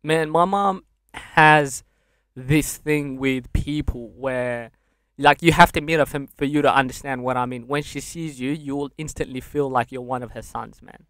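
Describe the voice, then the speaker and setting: A young man from Sudan, a podcast guest, candidly recounting a hard childhood in casual speech and laughing through dark memories. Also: mid-range voice, normal speed, clear, resonant tone, dry recording, studio quality. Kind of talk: casual interview storytelling.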